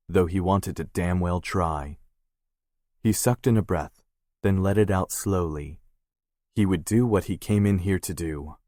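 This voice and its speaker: A man reads an audiobook at a steady, measured pace in a very low, deep voice. The recording is close and dry, with no room echo.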